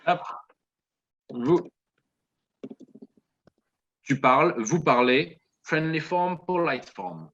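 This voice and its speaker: A French man with a French accent teaching an online class, encouraging his students and repeating phrases slowly. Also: fairly high pitch, lively intonation, fairly bright tone. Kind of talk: online demo language class. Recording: dull lo-fi audio with faint noise.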